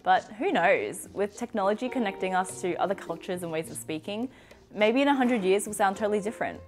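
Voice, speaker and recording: A woman's voice: medium pitch, animated, a little fast, soft background music. A woman with an Australian accent presenting a scripted explainer in a wry, conversational way.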